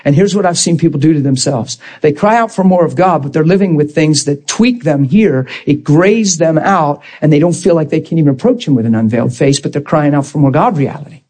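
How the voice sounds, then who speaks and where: Husky-voiced man preaching with sudden shouts. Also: a little high, a little fast, hardly any pauses. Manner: emotional, swings from calm to shouting. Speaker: pastor. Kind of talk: sermon.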